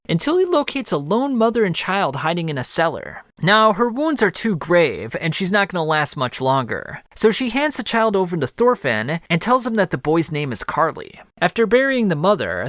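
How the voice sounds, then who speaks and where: A man's voice: high-pitched, no room sound, studio quality. A man narrating a manga recap in a casual scripted style, throwing in joking asides. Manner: lively storytelling with joking asides.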